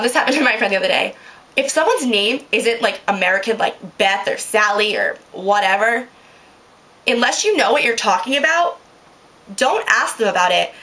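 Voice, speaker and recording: A young woman with a slightly high voice talks straight to camera about her job as a grocery cashier. Her tone is blunt and fed up, and she slips in short laughs between her points. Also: fairly bright tone. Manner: exasperated, blunt, lecturing. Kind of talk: casual vlog rant.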